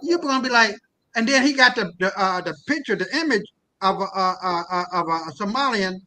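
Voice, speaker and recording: A man from the United States, a guest in a discussion, talking in a heated, impassioned rant that often rises toward a shout. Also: high-pitched, animated, fairly quick, poor audio. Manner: impassioned, profane, often raising his voice to near shouting. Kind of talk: heated ranting talk.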